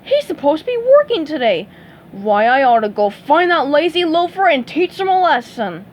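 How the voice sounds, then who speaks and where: A woman's voice: high-pitched, sing-song, normal speed, a little hiss or hum, voice pushed up. A woman voicing an indignant older male crab boss in a storybook reading. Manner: loud and indignant.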